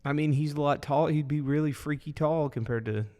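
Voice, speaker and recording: A man co-hosting a casual podcast chat, talking in a rambling, animated way with lots of fillers. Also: on the high side, a little fast. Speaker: podcast co-host. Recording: echoey room with long reverb.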